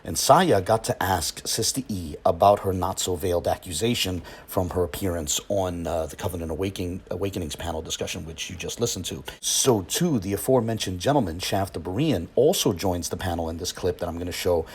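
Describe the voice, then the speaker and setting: A man hosting his channel, giving measured, slightly wry commentary before a clip. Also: low voice, breathy edge. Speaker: channel host. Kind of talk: scripted commentary.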